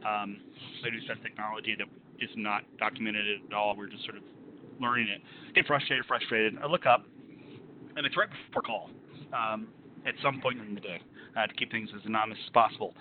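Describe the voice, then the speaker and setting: A man on a podcast telling a story of his own in casual chat, emphatic and animated as he describes getting worked up. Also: fairly low pitch, fairly quick. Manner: animated, emphatic retelling of frustration. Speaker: podcast co-host. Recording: tinny phone line with faint noise.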